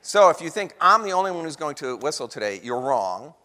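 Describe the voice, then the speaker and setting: A man giving a lively storytelling talk to an audience, acting out the voices of people in his story. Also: on the high side, a little fast. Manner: animated storyteller acting out quotes. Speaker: guest speaker. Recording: long hall reverb.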